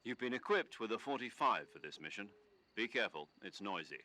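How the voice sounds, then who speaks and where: Stern commanding officer. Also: male voice, lowish voice, sing-song, a little fast, pushed and bright. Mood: stern briefing. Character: male commanding officer giving a mission briefing, stern. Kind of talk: video game dialogue.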